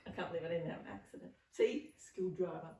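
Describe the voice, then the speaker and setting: Woman, animated storyteller, echoey room. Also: on the low side, quick pace. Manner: animated storyteller, acts out voices, laughs often. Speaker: podcast co-host. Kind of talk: casual chat. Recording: echoey room, far from mic.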